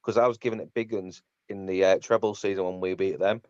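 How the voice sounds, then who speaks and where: A man's voice: deep voice, steady tone, a little fast, a little mellow, no echo, lo-fi sound. A man hosting a casual football podcast, blunt and mocking as he rants. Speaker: podcast host.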